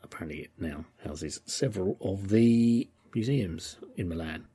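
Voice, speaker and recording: A man's voice: deep voice, moderate pace, hardly any pauses, warm tone, slightly rough. An English man hosting a history podcast, talking through the topic in a thoughtful, rambling way with many ums and uhs. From England. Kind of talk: informal history commentary.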